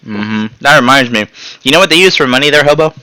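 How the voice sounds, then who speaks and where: A man's voice: medium pitch, fast, smooth, dry recording, poor audio. A man hosting a podcast, chatting casually and telling jokey stories with sound effects. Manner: joking, animated storytelling with sound effects. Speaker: podcast host. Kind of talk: casual chat.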